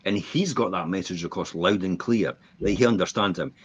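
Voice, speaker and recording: A man co-hosting a business podcast in casual chat, an animated storyteller who acts out quotes. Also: low voice, a little fast, breathy edge. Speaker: podcast co-host. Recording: dull lo-fi podcast audio.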